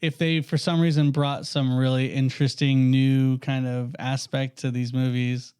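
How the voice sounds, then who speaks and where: A man's voice: mid-range voice, level tone, moderate pace, a little mellow, clean tone. Laid-back slangy man on a podcast. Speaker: podcast co-host. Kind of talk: casual chat.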